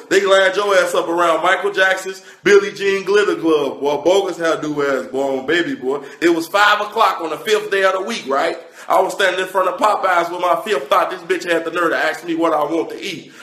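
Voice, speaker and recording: A man delivering a rapid-fire comedic roast, with profane, rhythmic insults and a punchline he keeps repeating. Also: sits high, fairly bright tone, reverberant.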